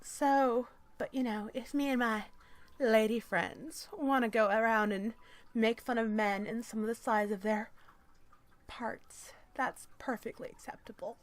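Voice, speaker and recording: A woman's voice: a little high, fairly even intonation, unhurried, no echo. A woman reading an article aloud and commenting on it in a sarcastic, mock-innocent manner.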